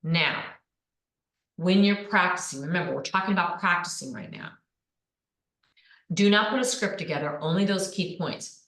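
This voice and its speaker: A woman's voice: lowish voice, normal speed, pauses often, a bit bright. A woman coaching people on presenting online, speaking with energy and punching out keywords. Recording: echoey room.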